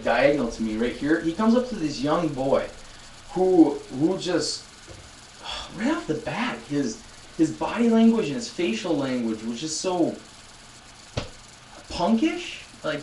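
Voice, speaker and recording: A man's voice: a little high, a little mellow, distant mic. Man in his twenties, casual live-stream chat, rambling with restarts, roomy echo, faint background noise. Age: 20s. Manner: rambling storyteller, many restarts, talking to chat. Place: loud room.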